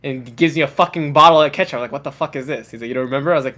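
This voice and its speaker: A man's voice: medium pitch, racing, pushed and bright. A young man co-hosting a podcast, telling a story in casual chat with constant swearing. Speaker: podcast co-host.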